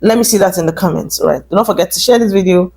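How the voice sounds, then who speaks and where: A woman's voice: fairly low pitch, racing, creaky, darkish tone, breathy edge. A woman hosting a commentary video, pleading and repeating phrases for emphasis as she addresses viewers. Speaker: commentary channel host. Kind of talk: direct-to-camera commentary.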